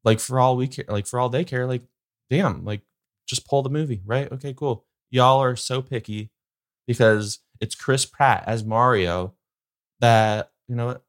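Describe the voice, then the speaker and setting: A man's voice: medium pitch, measured pace. A young man hosting a casual solo podcast, rambling and opinionated, with lots of fillers. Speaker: podcast host.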